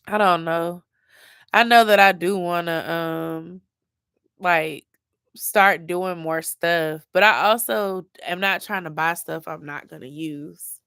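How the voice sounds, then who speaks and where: A woman's voice: on the low side, fairly bright tone, clear, resonant tone, no echo, clean studio sound. Sleepy chatty woman vlogger. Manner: chatty, rambling, informal slang. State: sleepy, yawning. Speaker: lifestyle vlogger. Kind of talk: casual late-night chat with viewers.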